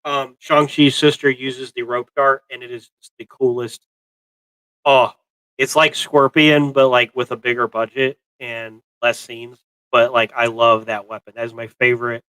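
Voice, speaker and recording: A man's voice: medium pitch, pushed and bright, clear, resonant tone, no echo, low-quality recording. A man co-hosting a casual movie review chat, rambling with many fillers and restarts. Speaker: co-host of a pop culture show.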